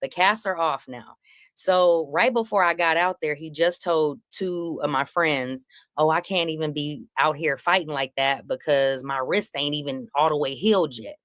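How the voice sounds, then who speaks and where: A woman with a fairly low voice tells a story on a live panel, jumping up high to act out the lines she quotes. She curses freely as she talks. Her voice sounds close and dry. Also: moderate pace, a bit bright, no room sound. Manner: acts out quotes with big pitch jumps, swearing freely. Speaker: comedian guest telling a story.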